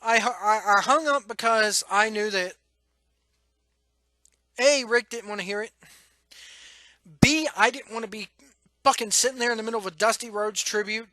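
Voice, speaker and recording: Man, podcast host, blunt profane rant, bright tense voice, dry close sound. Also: high voice, no room sound. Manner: frank, profane, emotional, halting restarts.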